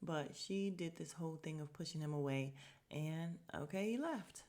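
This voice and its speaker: A woman podcast host giving a casual, chatty episode recap, expressive, with slangy asides to listeners and frequent laughs. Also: low-pitched, moderate pace.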